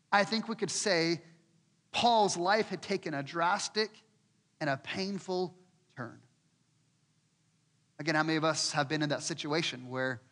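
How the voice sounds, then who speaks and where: A pastor with a high-pitched voice preaches a sermon in a large hall, telling a scripture story and acting out the inner voices of its characters. His delivery is expressive, and he repeats words as he builds.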